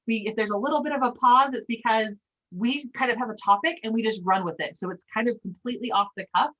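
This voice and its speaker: A woman's voice: a little high, fast talker, dull audio. Chatty woman hosting a call. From Utah. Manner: relaxed, chatty, many fillers. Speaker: panelist and host. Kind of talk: casual group training call.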